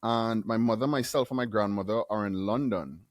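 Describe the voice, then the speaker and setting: A man in his forties from Trinidad with a Trinidadian accent, a guest telling stories in a casual interview, self-deprecating and quick to laugh. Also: on the low side, no echo. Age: 40s. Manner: animated storyteller, self-deprecating, laughs often.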